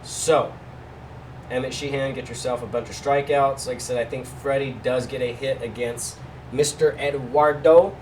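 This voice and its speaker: A man's voice: medium pitch, fairly even intonation, moderate pace, far from the mic, background noise. Casual chatty man a bit off mic. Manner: loose, chatty, jokey asides, talks to viewers and his dog. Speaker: sports betting host. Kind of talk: casual betting picks vlog.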